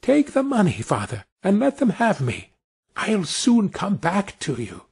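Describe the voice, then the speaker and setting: A man's voice: sits high, wildly swooping pitch, measured pace, gravelly, a little mellow, slightly rough, pitched above the performer's own voice, exaggerated voice. A man voicing a tiny, clever, cheerful boy in a read-aloud fairy tale, speaking eagerly. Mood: whispering. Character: tiny brave clever boy Tom Thumb.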